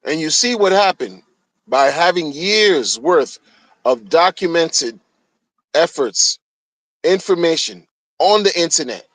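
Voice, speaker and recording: A man's voice: on the high side, expressive, takes it slowly, pauses often, a bit bright, no echo, poor audio. A man streaming a heated solo rant, agitated and profane, often repeating himself.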